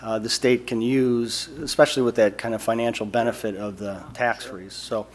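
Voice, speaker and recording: A man's voice: medium pitch, little pitch movement, normal speed. A man, an architect, speaking in public comment at a city meeting, casual and conversational, often adding "right.". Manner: conversational, keeps saying "right". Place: council meeting room.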